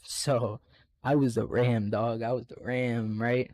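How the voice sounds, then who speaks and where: A man's voice: mid-range voice, flat delivery, takes it slowly, a little mellow. A young man on a casual podcast, telling a rowdy, profane story full of acted-out quotes. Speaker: podcast co-host.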